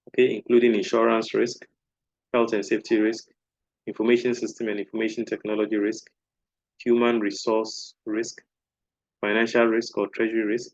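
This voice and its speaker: Low-voiced man giving a dry lecture. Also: no echo, muffled recording. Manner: explanatory, often adds "okay?" as a tag. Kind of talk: recorded lecture.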